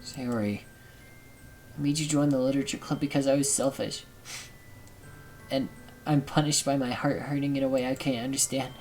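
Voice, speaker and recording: A shy, sad teenage girl from a visual novel speaks in a quiet, subdued way, as a man reads her lines aloud. Her words come out soft and fragile. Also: medium pitch, steady tone, normal speed, pauses often, faint music behind, natural voice, poor audio. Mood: hurt, subdued. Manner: quiet, subdued, hurt reading. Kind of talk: reading game dialogue aloud.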